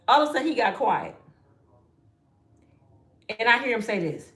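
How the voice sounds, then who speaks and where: A woman spins a personal story in relaxed, slangy speech and keeps talking straight to her listeners. She acts out the people in it, sometimes hushing way down, sometimes getting loud. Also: fairly high pitch, normal speed, long pauses. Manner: animated, acts out quotes with hushed and raised voices; colloquial, addresses listeners as y'all. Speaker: storyteller speaking to her audience. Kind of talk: casual storytelling monologue.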